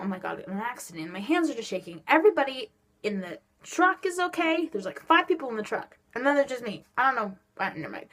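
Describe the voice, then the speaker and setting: Teen girl vlogger, casual animated storytelling, filler-heavy, neck stiff and sore. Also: fairly high pitch. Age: teens. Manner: animated storytelling, lots of "like" and "just like". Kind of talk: casual chat to camera.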